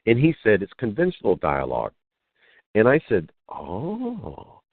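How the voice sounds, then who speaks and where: Over a dry phone line with no echo, a male spiritual teacher guesting on call-in radio spins stories, voicing each character's lines with animation. His pitch is fairly low, his pace brisk, with a breathy edge.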